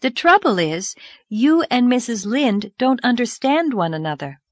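Woman doing a lively earnest young girl, high and bouncy, dry close sound. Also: measured pace, no echo. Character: earnest, dreamy young girl, eager to persuade. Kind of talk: audiobook character voice.

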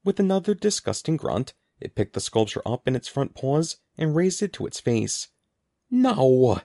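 A man narrates a children's storybook with a gravelly, mellow voice whose pitch rises and falls a lot. The sound is dry and close, with no room around it. His reading is lively and expressive. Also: normal speed, no room sound. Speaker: audiobook narrator.

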